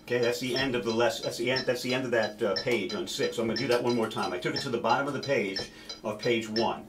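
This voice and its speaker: A man's voice: mid-range voice, fast talker. A man teaching a snare drum solo, counting beats aloud and stopping now and then to correct himself.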